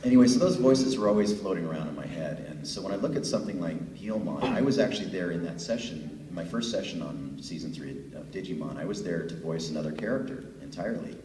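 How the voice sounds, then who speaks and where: A middle-aged man with a deep voice, a voice actor telling stories to fans at a convention panel, chatty and laughing easily. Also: quick pace, few pauses, warm tone. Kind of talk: relaxed storytelling answer to a fan. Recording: echoey hall from far off, faint noise.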